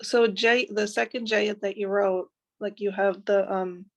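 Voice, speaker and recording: A woman's voice: medium pitch, fairly even intonation, measured pace. A woman student asking a hesitant question in class.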